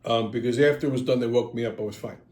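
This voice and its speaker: A man's voice: mid-range voice, fairly even intonation, rapid-fire, a little mellow, echoey room. A man, telling a long profane story in an exasperated, casual way as host.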